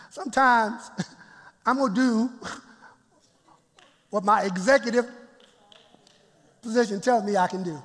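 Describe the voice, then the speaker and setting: High-pitched preacher in a reverberant hall. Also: male voice, slow, pauses often, a bit bright, husky. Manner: call-and-response preaching, laughs often, asides to the congregation. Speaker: pastor. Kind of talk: sermon. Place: church.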